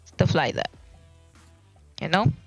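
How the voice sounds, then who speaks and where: A woman's voice: slow pace, no room sound, soft background music. A woman livestreaming casually, rambling and searching for words as she explains herself. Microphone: desk mic at a laptop. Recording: dull lo-fi stream audio.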